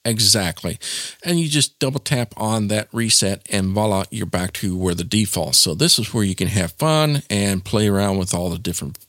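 A man's voice: lowish voice, moderate pace, fairly bright tone, no echo, studio quality. A man giving a casual spoken tutorial in a chatty, informal way, with plenty of asides. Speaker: tech tutorial presenter.

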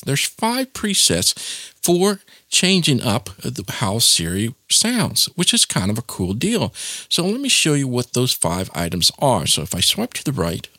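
A man's voice: mid-range voice, pushed and bright, no room sound, clean studio sound. A man giving a casual spoken tutorial in a chatty, informal way, with plenty of asides. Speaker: tech tutorial presenter.

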